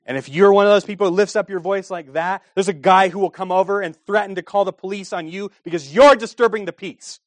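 A man preaching a sermon with impassioned delivery, asking rhetorical questions and swinging between hushed and raised passages. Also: high-pitched, quick pace, hardly any pauses, no room sound. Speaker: pastor.

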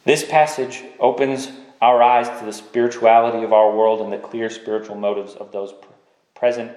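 A man's voice: medium pitch, level tone, normal speed, a little mellow, echoey room. A man preaching a sermon, pressing his point with repeated rhetorical questions.

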